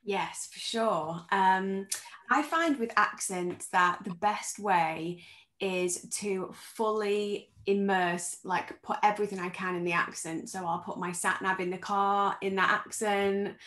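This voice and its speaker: A woman's voice: mid-range voice, steady tone, takes it slowly, fairly bright tone. Candid woman actor, echoey call. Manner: friendly, candid, thinks aloud with fillers. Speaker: actor on a career panel. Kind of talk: conversational panel answers.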